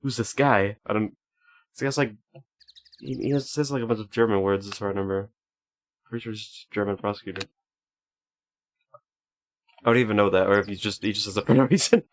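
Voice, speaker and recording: Lower-voiced man streaming a game casually. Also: a little fast, long pauses. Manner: rambling, self-deprecating, chuckling. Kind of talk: casual let's-play commentary.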